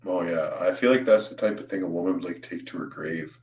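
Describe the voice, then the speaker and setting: Young male streamer, very low voice, stoned and rambling, recorded roomy and off-mic. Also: fairly quick, a little mellow, recorded from a distance. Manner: rambling, laughing, swears a lot, says "dude". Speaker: livestreamer. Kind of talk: casual livestream chat.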